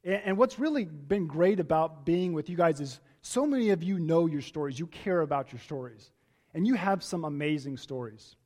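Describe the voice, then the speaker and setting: High-voiced man preaching a sermon. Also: lively intonation, normal speed, a little mellow. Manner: conversational storytelling with restarts. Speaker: pastor. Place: church.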